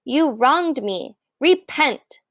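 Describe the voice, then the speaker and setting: A woman voicing a brave young male mouse who speaks firmly and deliberately. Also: sits high, expressive, no echo, studio quality, pitched above the performer's own voice, heavily acted.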